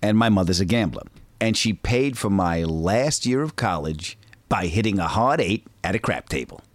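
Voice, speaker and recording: A man's voice: low voice, animated, normal speed, no echo. A young man hosting a podcast, joking playfully while chatting and narrating. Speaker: podcast host. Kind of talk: casual chat and show narration.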